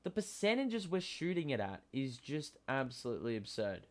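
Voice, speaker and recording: A man hosting a live basketball watchalong, talking casually with many fillers and sudden excited outbursts. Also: medium pitch, moderate pace. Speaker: host.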